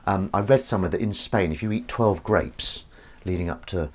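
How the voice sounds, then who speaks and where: A man with a low-sitting voice talks at a moderate pace over crowd noise and the clink of dishes and cutlery. He's hosting a casual livestream from his home kitchen, washing up as he chats. He rambles, pokes fun at himself, and reads out chat comments.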